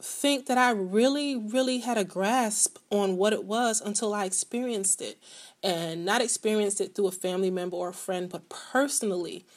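A woman's voice: mid-range voice, moderate pace. A middle-aged woman hosting her own podcast, talking candidly and chattily, addressing her listeners directly. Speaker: podcast host. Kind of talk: casual personal podcast monologue.

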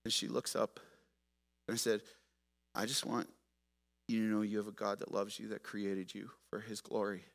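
A man preaching a sermon as pastor, moving from quiet storytelling to loud, emphatic exhortation. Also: on the low side, little pitch movement, normal speed, vocal fry, pauses often.

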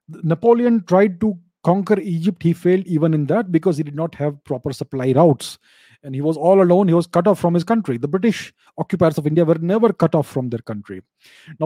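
A man answering viewer questions in an unscripted explanatory talk, measured, often repeating and restarting phrases. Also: fairly high pitch, mellow, no echo.

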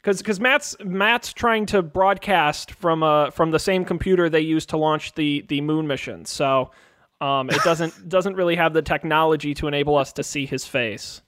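Jokey stammery guy hosting, high-ish voice, dry mic. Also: normal speed, a bit bright, dry recording. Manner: stammering, self-deprecating, laughs often. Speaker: co-host. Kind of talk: comedic podcast banter.

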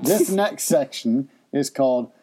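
A man's voice: medium pitch, animated, unhurried, heavy background noise. A man in his forties hosting a casual chat, quizzing and teasing in a playful, jokey way. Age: 40s. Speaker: podcast host and father.

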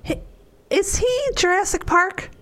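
Woman, podcast co-host, giggly, teasing questions, unhurried delivery. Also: extremely high pitch, a bit bright. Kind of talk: casual chat.

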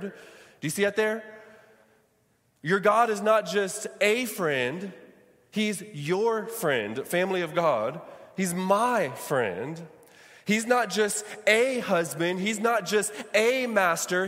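Male pastor, high voice, preaching in a church hall with long reverb. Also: fairly bright tone. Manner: preaching with call-and-response to the congregation. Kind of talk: sermon.

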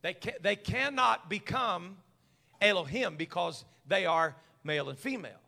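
A preacher with a high, gravelly, bright voice. He talks folksy and stammers, then erupts into shouts. Fiery, conversational sermon delivery. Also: expressive, moderate pace. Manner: fiery, swings from quiet asides to shouting.

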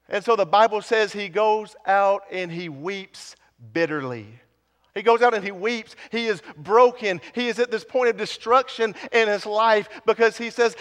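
A man's voice: extremely high pitch, fairly bright tone. A man preaching a sermon, building with repeated phrases and dropping to near whispers. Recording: long hall reverb.

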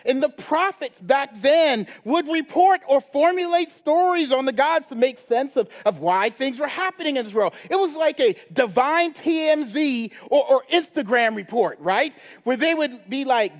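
A man pastor preaching a sermon in a conversational way, often checking in with a quick "right?". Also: very high-pitched, expressive. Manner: conversational preaching with frequent tag questions. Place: church sanctuary. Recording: long church reverb.

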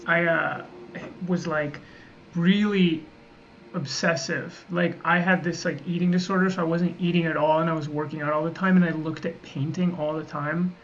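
A man with a slightly high voice co-hosts a casual livestream conversation. He rambles through long stories packed with "like" and false starts. The audio is muffled and a little dull, with faint noise underneath. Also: a bit bright. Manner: rambling, filler-heavy storytelling. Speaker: podcast co-host.

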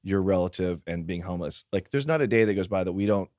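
A man's voice: low voice, lively intonation, fast, darkish tone, no echo, studio quality. A man, the guest's husband, explaining things earnestly in a casual chat and stumbling over his words as he goes.

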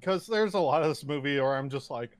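A man's voice: fairly high pitch, expressive, a little fast, no echo. A young man chatting casually about a movie, making blunt, profane, mocking remarks.

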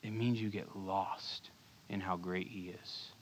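A man preaching a sermon as pastor, earnest, moving between urgent bursts and hushed low lines. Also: fairly even intonation, slow pace, slight background noise. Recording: long hall reverb.

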